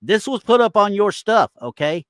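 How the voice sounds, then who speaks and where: A man's voice: sits high, sing-song, normal speed, fairly bright tone, clean tone, no room sound. A man co-hosting a casual podcast, ranting with exasperation and reading online comments aloud. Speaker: podcast co-host.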